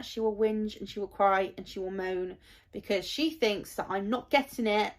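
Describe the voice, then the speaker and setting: A woman with a medium-pitched voice speaks at a moderate pace in a casual vlog monologue. As a parent vlogger, she rambles in a heartfelt way, filling her talk with lots of fillers.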